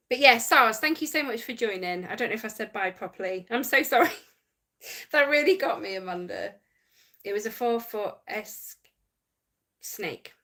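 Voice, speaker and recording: A chatty woman hosts a livestream and reads out her viewers' comments. She giggles often and talks in a loose, friendly way. Her voice sits at an ordinary middle pitch for a woman. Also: pushed and bright. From United Kingdom. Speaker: livestream host reading chat. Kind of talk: casual livestream chat.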